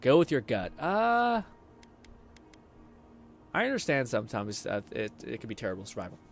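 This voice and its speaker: A young man streaming a game, chatting excitably, swearing, laughing and reading chat aloud. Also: mid-range voice, moderate pace, gravelly, soft background music. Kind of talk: casual game commentary.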